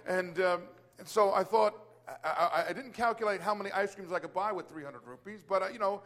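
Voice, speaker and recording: A male preacher telling a testimony as a sermon, animated, with repeated starts and exclamations of praise. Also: sits high, a little fast.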